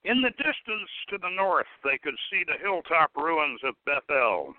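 A man hosting a radio show, narrating a story in a measured, expressive way. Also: fairly high pitch. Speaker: radio host reading a story. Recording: dry, tinny phone-like radio sound.

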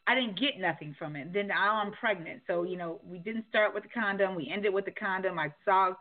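A woman's voice: mid-range voice, fairly quick. Woman host on call-in radio, mid voice, rambly and blunt, tinny phone sound. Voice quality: frank, rambling, with many restarts. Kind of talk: candid call-in radio chat.

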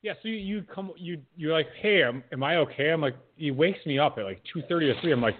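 A man's voice: a little high, lively intonation, quick pace, hardly any pauses, breathy edge. A man guesting on a podcast, teasing and joking in casual chat. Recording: tinny phone-like audio.

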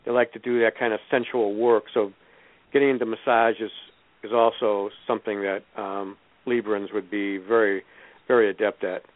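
A man's voice: on the low side, little pitch movement, moderate pace, dry recording. A man explaining astrology as a radio guest, rambling and repeating words as he thinks. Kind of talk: explaining astrology on a call-in show. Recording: tinny phone line, dry.

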